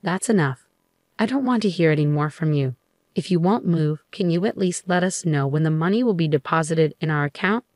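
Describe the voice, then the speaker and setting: A woman's voice: low-pitched, animated, brisk, darkish tone, dry recording, studio quality. A woman reading the lines of a condescending, overbearing middle-aged mother in a storybook tale. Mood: scornful. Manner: scornful, demanding.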